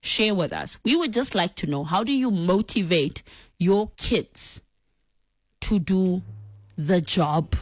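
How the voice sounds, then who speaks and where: A woman's voice: lowish voice, lively intonation, slow pace, no echo. A woman in her thirties with a South African accent, hosting a call-in radio show and chatting playfully with her listeners. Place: radio studio. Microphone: studio microphone.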